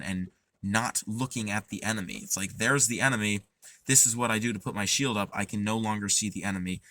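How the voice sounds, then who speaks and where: A man's voice: on the low side, pushed and bright. A young man talking in a casual, earnest way, rambling with lots of fillers and restarts as he gives advice. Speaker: podcast host.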